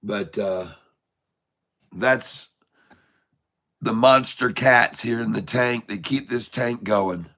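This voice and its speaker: Male livestream host, mid-pitched, rambling and jokey, casual at-home trading chat. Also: slow, long pauses, bright, forceful tone. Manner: rambling and jokey, muttering to himself while working. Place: home room with shelves of keepsakes.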